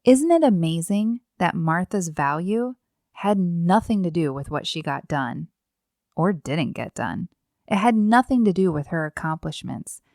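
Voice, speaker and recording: A woman's voice: on the low side, very animated, measured pace, a little mellow, no echo, clean studio sound. A middle-aged woman hosting a devotional podcast, speaking in an earnest, reflective way with rhetorical questions and repeated phrases. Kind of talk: devotional talk.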